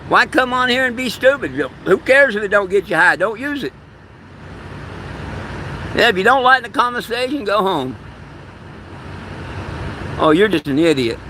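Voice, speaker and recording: A man's voice: sits high, sing-song, moderate pace, pauses often, sharp tone, slight background noise. A middle-aged man hosting a live stream, reading chat comments aloud and trading insults with trolls. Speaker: livestream host.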